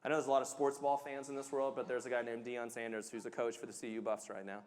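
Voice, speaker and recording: A man's voice: medium pitch, level tone, quick pace, long reverb tail. A man, a pastor, giving a sermon in a conversational, emphatic way, joking about himself. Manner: emphatic, conversational preaching with self-deprecating humor.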